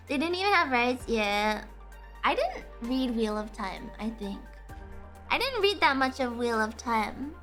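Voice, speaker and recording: A woman hosting a casual live stream, chatting with viewers in an animated, profane, ranting way, often breaking into laughter. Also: fairly high pitch, measured pace, faint music behind. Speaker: livestream host.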